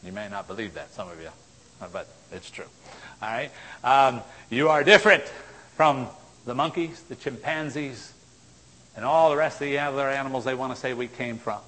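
A man preaching a sermon, swinging from loud exhortation to low, intense tones. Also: normal speed. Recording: long hall reverb.

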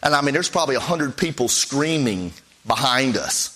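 A man preaching a sermon in a conversational, storytelling way, his pitch swinging up and down as he recounts events. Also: lively intonation, moderate pace, pushed and bright. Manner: conversational, pitch swings up and down while telling stories.

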